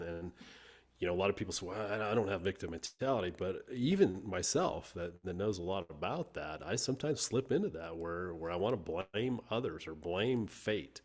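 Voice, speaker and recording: A man hosting a podcast interview, reflecting aloud and asking follow-up questions. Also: sits low. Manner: reflective, thinks aloud with fillers. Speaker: podcast host. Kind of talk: conversational interview.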